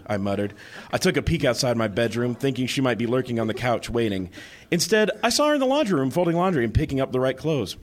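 Lively man reading to a bar crowd. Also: medium pitch, fast. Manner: animated, breaking into laughter. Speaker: live reader. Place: live bar stage.

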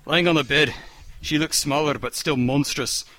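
A man doing a deadpan comic reading aloud of a passage of fiction. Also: a little high, normal speed. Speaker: reader.

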